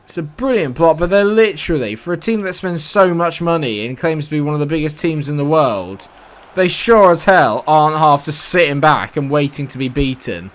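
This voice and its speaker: A young gaming YouTuber from Britain narrates his football video game match live, letting out frustrated, sarcastic, swearing outbursts in a British English accent. His voice sits on the high side, with lively intonation at a moderate pace.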